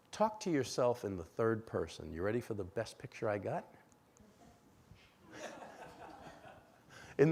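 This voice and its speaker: A man from Rhode Island giving a relationship seminar in a church, animated and acting out bits of dialogue. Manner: animated, acts out dialogue with sudden pitch jumps. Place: church sanctuary.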